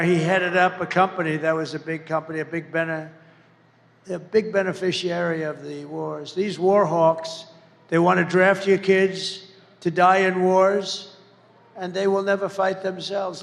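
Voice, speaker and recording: Male candidate at a rally mic: gravelly, pitched fairly high for a man, rambling and mocking, big hall reverb. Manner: rambling, mocking and emphatic, breaking into shouts. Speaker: political candidate. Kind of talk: campaign rally speech. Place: large rally venue.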